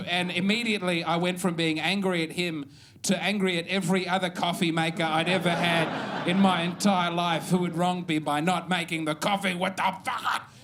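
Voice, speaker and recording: A man's voice: high voice, fairly bright tone, a little hiss or hum. A man from Adelaide with an Australian accent, performing a stand-up comedy set on a club stage, wry and self-deprecating with bursts of mock outrage.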